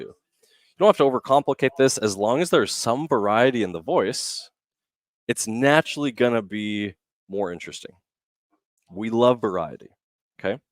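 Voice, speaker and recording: A man's voice: fairly low pitch, no echo. A young man coaching on public speaking over a video call, explaining emphatically and varying his pace to stress points. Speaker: communication coach.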